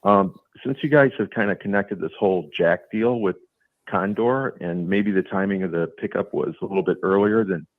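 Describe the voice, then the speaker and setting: A man's voice: sits low, normal speed, dry recording. A man from Detroit calling in to a livestream, asking a question politely and hesitantly with many fillers. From Detroit, Michigan. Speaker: caller. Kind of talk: phone-in question. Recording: tinny phone line.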